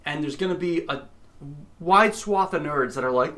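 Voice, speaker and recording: Co-host, crude and ranting, higher voice that swings widely. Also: male voice, expressive, moderate pace, pushed and bright. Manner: crude, ranting, mocks nerds in put-on voices. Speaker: podcast co-host. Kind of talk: casual profane chat.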